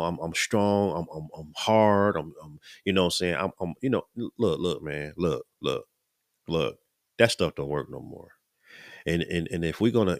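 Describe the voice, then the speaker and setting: A man's voice: low voice, no echo, clean studio sound. A middle-aged man, talking earnestly in a casual preaching style, often repeating and restarting his words. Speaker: podcast host.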